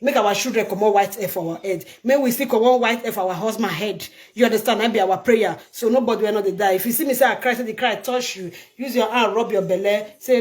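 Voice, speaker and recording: A woman's voice: mid-range voice, brisk. An older woman from Nigeria with a Nigerian Pidgin accent, talking straight to her viewers in a casual vlog, emphatic and pleading, often repeating herself. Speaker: vlogger. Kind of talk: casual direct-to-camera vlog.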